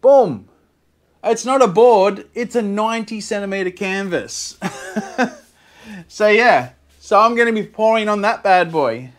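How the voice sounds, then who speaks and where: Man, Australian accent, art vlogger, casual chat, excitable, laughs a lot, camera mic. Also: high voice, a little slow. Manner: excitable, laughs often, bursts into shouts.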